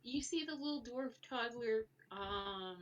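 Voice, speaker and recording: A woman's voice: on the high side, measured pace, a bit bright, muffled recording. Rambling woman game master, a bit distant. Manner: rambling, many fillers and restarts. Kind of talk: narrating a tabletop game.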